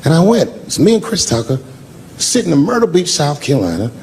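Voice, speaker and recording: A man telling a stand-up story on a live stage, animated and profane, acting out the people in it. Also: on the high side, brisk, slight background noise. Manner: animated, acts out characters, profane. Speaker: stand-up comedian. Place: live stage before an audience.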